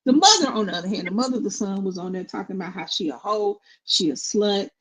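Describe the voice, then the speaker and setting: A middle-aged woman co-hosting casual commentary, blunt and opinionated in a steady, even tone. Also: mid-range voice, fast, slightly rough, poor audio. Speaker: co-host.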